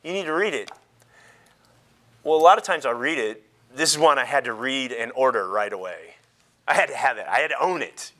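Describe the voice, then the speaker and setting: A man pastor preaching a sermon in an animated way, joking and laughing with the congregation. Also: mid-range voice, brisk.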